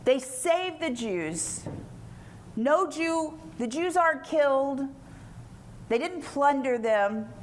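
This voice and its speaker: A woman speaker at a retreat giving informal Bible teaching in a lively, colloquial storytelling manner. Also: high-pitched, slight background noise.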